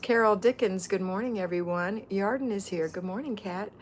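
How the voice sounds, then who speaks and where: A woman's voice: medium pitch, normal speed, a little hiss or hum. A middle-aged woman hosting a casual livestream, chatting and greeting viewers by name as a home-organizing mentor.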